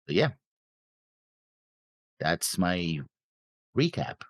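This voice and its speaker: A laid-back man with a lowish voice that swings up and down a lot, chatting casually with short replies. The sound is dry and close. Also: sing-song, very slow, no room sound. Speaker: co-host of an anime reaction show. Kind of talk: casual chat.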